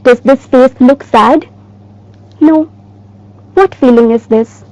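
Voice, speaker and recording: Slow, high-voiced teacher. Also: female voice, darkish tone, no echo, highs cut off. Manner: slow, clear, emphatic teaching. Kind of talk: recorded classroom lesson.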